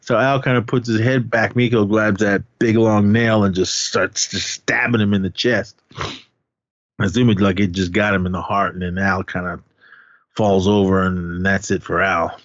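A man's voice: lowish voice, steady tone, moderate pace, dry recording, lo-fi sound. A man co-hosting a podcast, rambling through a casual movie recap and laughing as he goes. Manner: rambling, laughing, acts out quotes. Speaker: podcast co-host.

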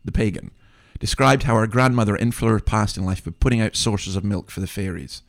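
A man's voice: lowish voice, fairly quick, vocal fry, hardly any pauses. A man in his sixties hosting a podcast, giving an indignant, wry commentary full of asides. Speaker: podcast host. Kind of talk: opinionated commentary monologue.

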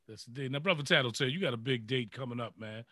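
A man's voice: mid-range voice, quick pace, bright, forceful tone. A man hosting a casual talk show, upbeat and encouraging as he asks his guests questions. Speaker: show host. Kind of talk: casual radio show chat.

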